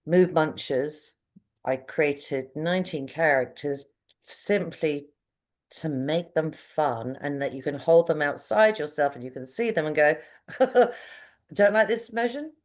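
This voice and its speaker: A middle-aged woman, a parenting coach speaking as a podcast guest, telling stories in an animated, expressive way. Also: takes it slowly. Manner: expressive, animated storytelling with big pitch jumps. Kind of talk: conversational interview.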